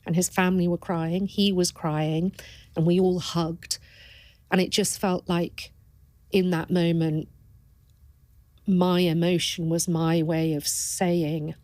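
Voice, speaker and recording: A woman's voice: fairly low pitch, little pitch movement, slow, darkish tone, dry recording. A woman, a palliative care doctor, talking earnestly and thoughtfully in an interview, often restarting her phrases. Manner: earnest and thoughtful, with frequent restarts and repeated words. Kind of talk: reflective interview conversation.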